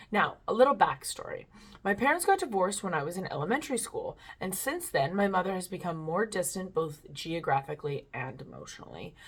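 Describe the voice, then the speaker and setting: A woman's voice: fairly low pitch, breathy edge. Woman host, casual and rambling, swears freely, reads stories off the screen. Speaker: channel host reading online stories. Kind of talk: casual chat and reading aloud.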